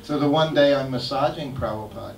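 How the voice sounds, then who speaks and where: An older man tells animated, laughing anecdotes in a plain mid-range voice. He is recorded from a distance in an echoey temple hall with faint background noise. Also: medium pitch, fairly quick, gravelly. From United States. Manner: animated, laughs while telling stories. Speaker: guest speaker sharing memories. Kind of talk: anecdotal storytelling talk.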